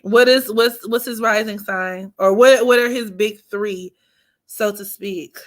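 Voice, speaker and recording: A woman's voice: mid-range voice, a little slow. A woman hosting an astrology livestream, chatting casually and teasing with frequent laughter. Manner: playful, teasing, laughs often, drops to near-whisper.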